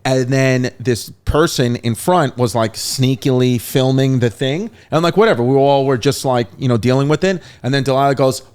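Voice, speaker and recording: A man who is a comedian, a podcast guest telling a long story in a rambling, animated way. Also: medium pitch, moderate pace, few pauses, smooth. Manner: rambling, repeats "I was like", animated retelling. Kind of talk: casual storytelling.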